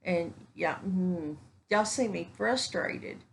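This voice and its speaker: A Texan woman vlogger talks to her camera in a casual, heartfelt, earnest way, rambling folksily and repeating things for emphasis. Her fairly low, gravelly voice takes its time, picked up on the camera mic with slight background noise.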